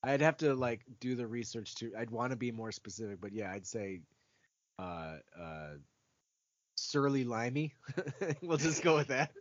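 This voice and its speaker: A man's voice: mid-range voice, lively intonation, measured pace, no echo, muffled recording. A man co-hosting a podcast, talking casually and rambling with lots of fillers and restarts. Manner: rambling, many likes and restarts. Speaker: podcast co-host. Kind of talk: casual chat.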